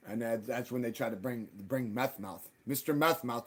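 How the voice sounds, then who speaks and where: A man hosting a live stream, ranting in casual, profane talk and jumping loud and high when he quotes people. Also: moderate pace, hardly any pauses, slightly rough. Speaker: livestream host.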